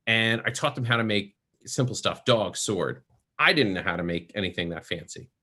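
Bright-voiced man telling his story. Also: lowish voice, lively intonation, moderate pace. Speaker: podcast guest. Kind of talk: casual storytelling interview.

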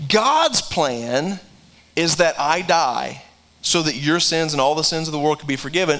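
A man with a high, bright voice preaching a sermon. He retells the scripture earnestly, acting out the lines of the people in it. He often stops and restarts a phrase. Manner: earnest preaching, acts out quoted dialogue, frequent restarts. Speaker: pastor.

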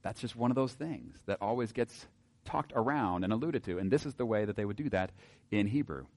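A man with a somewhat low voice teaches from the Bible to a gathered group. He talks loosely and wryly, with frequent fillers, and slips into reading verses aloud. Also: lively intonation, fairly quick, darkish tone. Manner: casual, wry, many filler words, reads scripture aloud.

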